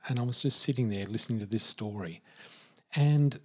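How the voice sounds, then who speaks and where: An Australian man in his fifties telling vivid personal stories of his childhood as a podcast guest, in an unhurried way. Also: mid-range voice, slightly rough. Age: 50s. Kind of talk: personal storytelling.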